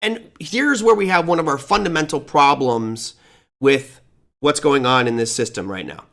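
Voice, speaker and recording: A man's voice: mid-range voice, normal speed, vocal fry, fairly bright tone. A man hosting a finance show, giving sarcastic, emphatic opinionated commentary. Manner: sarcastic, emphatic, reads along from notes.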